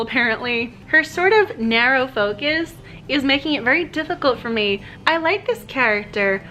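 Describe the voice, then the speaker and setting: A chatty woman vlogging from home, talking in a high, bright voice. She gushes over her reading and checks in on the time as she goes. Soft music plays faintly behind her. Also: low-quality recording. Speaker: book vlogger. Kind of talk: casual reading vlog diary.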